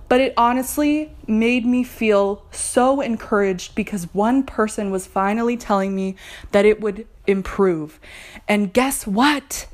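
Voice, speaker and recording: A woman's voice: on the high side, a little slow. A young adult woman hosting a podcast, talking candidly and encouragingly about her own therapy, with light laughs. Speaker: podcast host. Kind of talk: personal mental health podcast talk.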